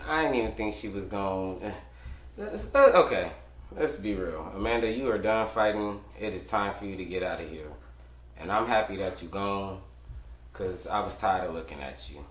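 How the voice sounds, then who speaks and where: Male podcast host, lower voice, brash and profane sports ranter, echoey studio sound. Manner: brash, profane, swings between shouting and muttering. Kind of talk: loud casual sports rant.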